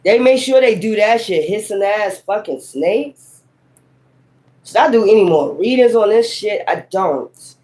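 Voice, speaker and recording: A woman's voice: medium pitch, animated, measured pace, a little mellow, poor audio. A woman giving a casual tarot reading to camera, talking bluntly and heatedly, cussing often and breaking into sudden exclamations. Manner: rambling and emphatic, with sudden exclamations. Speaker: tarot reader.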